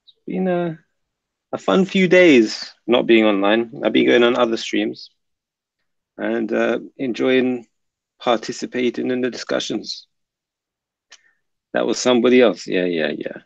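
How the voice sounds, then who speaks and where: Gravelly man hosting a casual livestream. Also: medium pitch, measured pace, pauses often, no echo. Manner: chatty, mutters while setting up links. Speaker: livestream host. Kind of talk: casual livestream chat reading comments. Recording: dull lo-fi dry sound.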